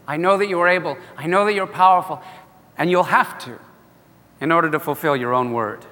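A preacher acting out an anguished old patriarch. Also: male voice, brisk, bright, forceful tone, big-room sound. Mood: pleading. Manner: earnest, pleading, voice rising high.

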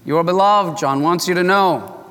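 A man's voice: high-pitched, moderate pace, fairly bright tone, smooth, big-room sound. Older pastor man, conversational sermon. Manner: conversational, earnest storyteller. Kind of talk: sermon with storytelling.

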